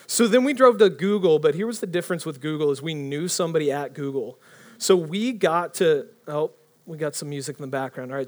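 A young man preaching a casual storytelling sermon, animated and rambling, often breaking off mid-sentence. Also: high-pitched. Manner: animated, rambling, self-interrupting.

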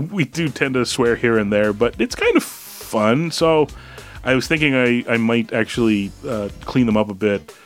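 A man co-hosting a podcast in casual chat, rambling with restarts and laughs. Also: on the low side. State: hiccups, drinking beer. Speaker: podcast co-host.

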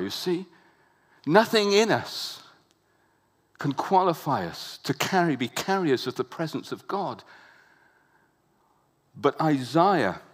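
A man preaching a sermon with passion, repeating words for emphasis and building to loud, emphatic peaks. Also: mid-range voice.

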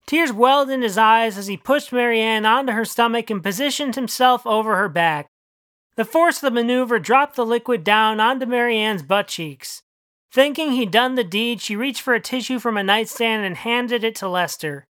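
Bright, dry-voiced storyteller. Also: mid-range voice, normal speed, no echo. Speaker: author and narrator. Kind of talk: audiobook reading and casual commentary.

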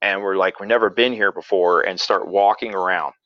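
A man with a lowish voice tells a story in an easygoing, rambling way, full of fillers and restarts. The sound is dry and close, with a dull, slightly lo-fi quality. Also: fairly even intonation, brisk, no echo. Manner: rambling, many "you know" fillers and restarts. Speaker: paranormal investigator and podcaster. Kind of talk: casual storytelling in conversation.

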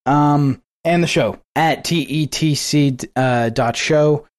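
A man co-hosting a podcast in casual chat, excitable, swearing and laughing often. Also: a little high, slow pace. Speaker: podcast co-host.

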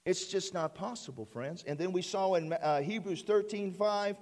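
A male pastor delivers a church sermon in a fairly high voice for a man. He builds through repeated lines and calls out "amen?" to draw responses from the congregation. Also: moderate pace, a little mellow. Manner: preaching with call-and-response amens and repeated phrases.

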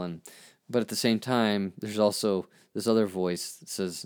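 Man, lowish voice, earnest, halting with many restarts, reflective podcast commentary. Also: steady tone, darkish tone, clear, resonant tone. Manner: earnest and searching. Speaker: podcast host and therapist. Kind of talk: reflective commentary on his own poem.

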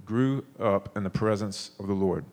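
A man preaching a sermon in a relaxed, conversational way, stopping and restarting as he tells stories. His voice sits a little low. He sounds like he is in his thirties. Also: normal speed.

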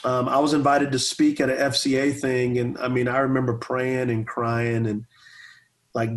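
A man's voice: medium pitch, flat delivery, moderate pace. A man in his forties, a pastor and former football player, telling stories in a casual interview with energy, repeating words and stuttering a little. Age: 40s.

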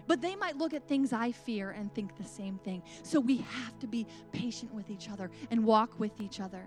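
Woman, high voice, earnest devotional speaker, emphatic delivery with casual asides. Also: a little fast, few pauses, soft background music. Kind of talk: devotional sermon talk.

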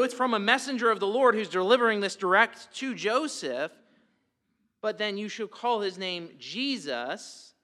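A man preaches a sermon in a bright, forward voice that sits a little high for a man. He is emphatic and keeps asking rhetorical questions, often repeating words as he builds his point. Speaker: pastor.

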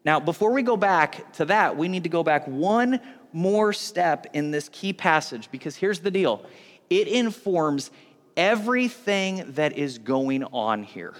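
A man's voice: a little high, expressive, unhurried. A man in his thirties preaching a sermon as a pastor, conversational and joking, often breaking off mid-sentence. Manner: conversational, joking, self-interrupting. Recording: long hall reverb.

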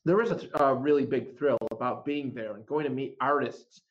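A man hosting a comics podcast, chatting casually and restarting his sentences often. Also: mid-range voice. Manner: halting, many restarts. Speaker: podcast host. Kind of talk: casual chat. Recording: dull lo-fi audio.

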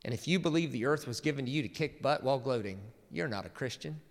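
A man reading a quote aloud from the pulpit in a put-on American Southern accent, loud and emphatic, with long hall reverb. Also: mid-range voice, expressive, fast, natural voice. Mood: mocking. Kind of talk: sermon.

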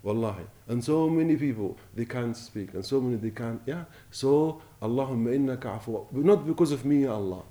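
Man, middle-aged, preacher, passionate rise and fall, mellow tone. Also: mid-range voice, expressive. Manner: impassioned, rising and falling, recites Arabic quickly. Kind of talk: Ramadan sermon.

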